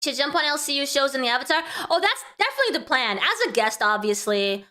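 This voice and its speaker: A woman's voice: high voice, sing-song, fast talker, sharp tone. A woman hosting a casual commentary stream, chatty and talking to her chat, laughing often. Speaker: vtuber host.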